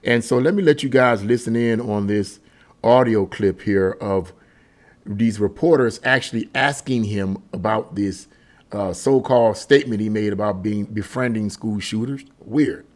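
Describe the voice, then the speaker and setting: A man's voice: fairly low pitch, normal speed, darkish tone. A man hosting a political commentary channel, talking in an emphatic, indignant way and often repeating himself for stress.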